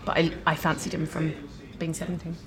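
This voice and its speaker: A woman guest chatting over a restaurant meal, giggly and warm-hearted, talking easily. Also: deep voice, completely flat delivery, a little fast. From London. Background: cutlery and dishes clattering.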